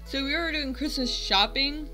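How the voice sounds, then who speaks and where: A young US woman in her twenties tells her vlog viewers a funny personal story straight to camera, rambling, self-mocking and filling it with "like." Her voice is high-pitched, bright and forceful at normal speed. Soft background music plays under a rough recording.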